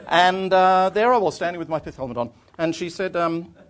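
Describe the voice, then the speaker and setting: A man, an author, telling travel anecdotes to an audience in a lively, self-deprecating way, often restarting his phrases. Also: high voice, a little fast, slight background noise. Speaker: author giving a talk.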